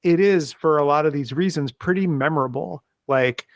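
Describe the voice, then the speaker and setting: A man's voice: fairly high pitch, moderate pace, no room sound. A man on a podcast talking about a horror film with enthusiasm, building up playful comparisons. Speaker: podcast panelist. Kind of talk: casual film discussion.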